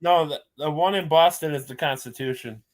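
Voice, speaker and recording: A man in relaxed, casual chat, telling easygoing stories. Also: a little high, brisk. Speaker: co-host.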